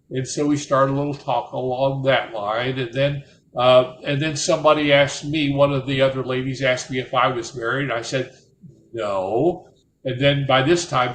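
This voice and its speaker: A man's voice: medium pitch, a bit bright, slight background noise. An older man, a retired Marine officer, tells rambling anecdotes, breaking off and restarting as he goes. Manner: rambling, self-interrupting storyteller. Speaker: retired Marine officer telling war stories. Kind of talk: anecdotal storytelling. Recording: roomy with faint ambience.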